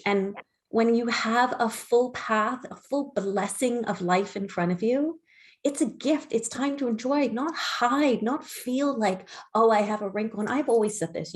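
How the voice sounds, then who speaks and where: Middle-aged woman, skincare show host, enthusiastic pitch. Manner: enthusiastic, sales-pitch delivery. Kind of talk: live shopping broadcast.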